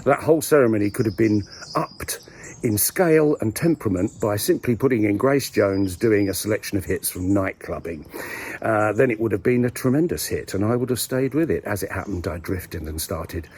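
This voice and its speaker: A man's voice: fairly low pitch, darkish tone, breathy edge. A man, rambling wryly to camera in a village graveyard, full of hesitant ums and dry asides. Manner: wry, dry humour, hesitant with many ums. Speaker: vlogger. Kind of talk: casual rambling monologue.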